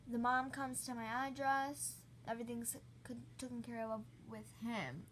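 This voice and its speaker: A woman's voice: a little high, steady tone, measured pace, few pauses, a little hiss or hum. A woman hosting a storytime channel, recounting a story in a rambling, casual way with lots of "like". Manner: rambling, heavy use of "like".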